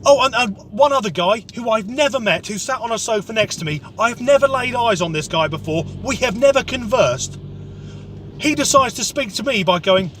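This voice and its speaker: A man's voice: high voice, expressive, moderate pace, a bit bright, slight background noise. A man telling a comic rant story, sweary, sarcastic and exasperated. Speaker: comedic vlogger.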